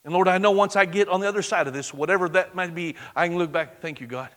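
A man preaching a sermon in church, swinging from loud exclamation to hushed, intimate prayer. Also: high voice, fast. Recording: long reverb of a large hall.

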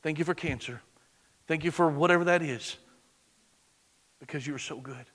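A man preaching a sermon in church, swinging from loud exclamation to hushed, intimate prayer. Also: fairly high pitch, normal speed. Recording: long reverb of a large hall.

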